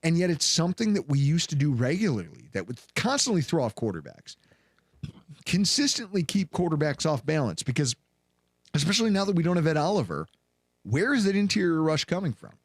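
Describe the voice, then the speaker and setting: A man in his thirties hosting a sports podcast, telling a story with lively acted-out voices. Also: fairly high pitch, a little fast, dry recording, clean studio sound. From Buffalo, New York area. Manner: animated, acts out voices in anecdotes. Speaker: podcast host.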